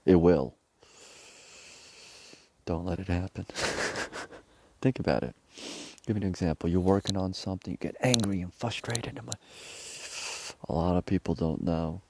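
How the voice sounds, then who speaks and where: Male, 30s, low gravelly voice, rambling casual monologue. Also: unhurried, pauses often, a little mellow, a little hiss or hum. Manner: rambling storytelling, quoting others.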